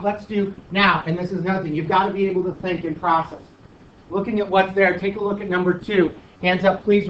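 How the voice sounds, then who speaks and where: A male math teacher giving his class an animated, teasing pep talk and review, recorded in a classroom. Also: sits high, far from the mic, a little hiss or hum. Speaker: high school math teacher. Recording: echoey dull classroom recording from afar.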